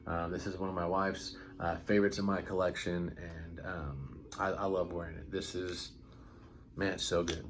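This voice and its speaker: Male fragrance reviewer, very low voice, casual and rambling, enthusiastic. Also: steady tone, normal speed. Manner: enthusiastic, rambling, lots of ums and filler words.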